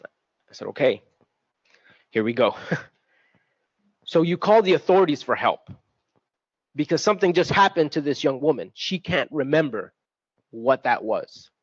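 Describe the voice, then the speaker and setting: A man's voice: on the high side, animated, unhurried, long pauses, dry recording, lo-fi sound. A middle-aged man from Texas, a school administrator, speaking on a panel in an earnest, reflective way with restarts. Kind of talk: panel talk, personal testimony. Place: event venue.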